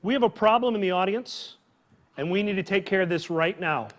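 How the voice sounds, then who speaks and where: A man hosting a live children's story time, talking with animated energy and calling out questions for the kids to answer. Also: sits high, a little fast. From Midwest farm upbringing. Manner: animated, call-and-response with children. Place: public library event with a live audience.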